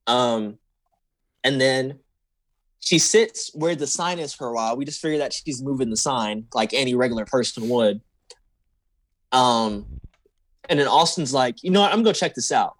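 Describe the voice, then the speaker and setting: A man's voice: medium pitch, normal speed, long pauses, dry recording. A young man co-hosting a podcast, telling a work story in casual chat and acting out the voices of the people in it. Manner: animated, acts out quoted voices. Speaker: podcast co-host.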